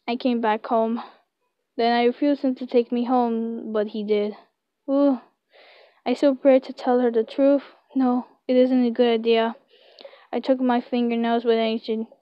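A young woman reading a web story aloud in slow, halting English, recorded on a close, dry home mic. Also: on the high side, clear, resonant tone, no echo, lo-fi sound. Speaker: story reader.

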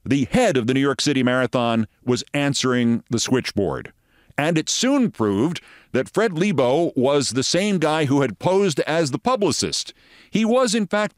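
A man's voice: mid-range voice, no echo, studio quality. A man in his sixties hosting a commentary show, telling anecdotes in a wry, conversational way. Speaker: show host.

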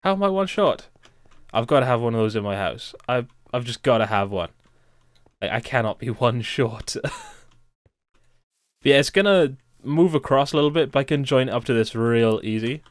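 A man's voice: medium pitch, normal speed, dry recording, studio quality. A young man hosting a let's play, chatting casually and thinking aloud as he builds. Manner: rambling, thinks aloud and talks to himself while building. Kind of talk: casual gameplay commentary.

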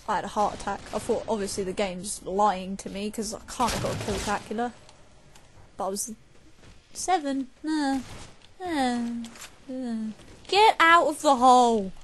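A woman's voice: mid-range voice, a little slow, sharp tone, slight background noise. A young woman, chatting casually and raging while she plays a shooter game. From England. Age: young adult. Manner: chatty, swears and rages at the game. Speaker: gamer. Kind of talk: casual gameplay commentary.

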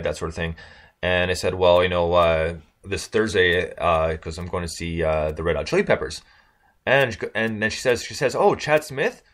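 Low-voiced man telling a rambling story. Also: a bit bright. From Michigan. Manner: rambling, many fillers and restarts, laughs while telling. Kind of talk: casual storytelling chat.

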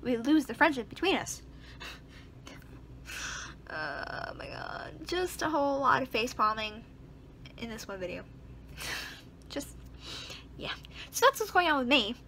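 A woman's voice: sits high, animated, normal speed, long pauses, a bit bright, slight background noise. A young woman, a college student, rambling through an exasperated casual vlog at home and swearing freely. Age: young adult. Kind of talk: casual chat.

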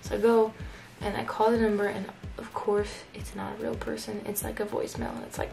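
A woman's voice: medium pitch, little pitch movement, fairly quick, gravelly, few pauses, dark tone, low-quality recording. A young woman telling a personal story in a casual vlog, chatty and full of "like" fillers. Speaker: YouTuber.

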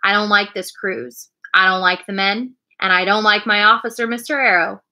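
A woman's voice: mid-range voice, fairly even intonation, moderate pace, pushed and bright. A woman voicing a stern, blunt ship's captain in a storybook reading. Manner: blunt, disapproving.

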